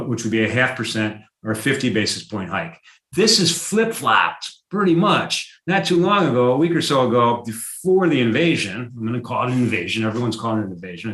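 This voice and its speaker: A man hosting a live market-analysis stream, talking through charts in a conversational way, with many fillers and restarts, and getting excited over price moves. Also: medium pitch, reverberant. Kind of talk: live trading stream commentary.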